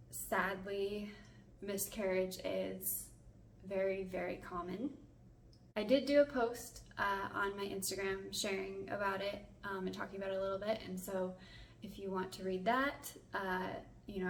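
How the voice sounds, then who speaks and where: A woman's voice: medium pitch, slight background noise. Young woman vlogging from an echoey bathroom. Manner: soft-spoken, hesitant, many fillers, holding back tears. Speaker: family vlogger. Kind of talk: casual vlog to camera. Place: home bathroom. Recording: echoey bathroom, mic at a distance.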